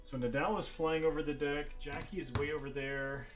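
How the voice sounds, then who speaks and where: A man's voice: a little high, steady tone, normal speed, soft background music. A man running a tabletop game as game master, easygoing, laughing often as he explains the rules.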